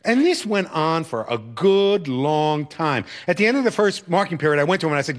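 A middle-aged man tells a personal story with emphatic, reflective delivery. His voice sits a little high and swings widely in pitch. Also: lively intonation, brisk, few pauses. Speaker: storyteller, educator.

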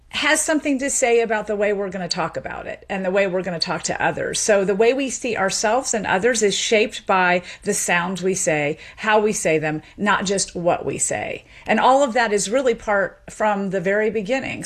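Articulate woman explaining with ease. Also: medium pitch. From United States. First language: French spoken at home by parents. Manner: articulate, explanatory, laughs easily. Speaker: guest, accent expert and author. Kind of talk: radio interview.

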